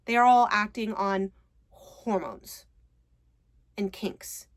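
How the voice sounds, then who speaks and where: A woman's voice: mid-range voice, slow pace. A woman casually recapping a book, chatty, retelling scenes and quoting characters' lines. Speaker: book reviewer.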